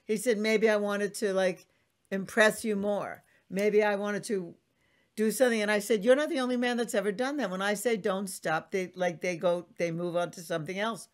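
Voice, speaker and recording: A woman's voice: mid-range voice, steady tone, normal speed. A woman hosting a podcast in casual conversation, effusive and emphatic, acting out quotes in a raised voice. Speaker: podcast host.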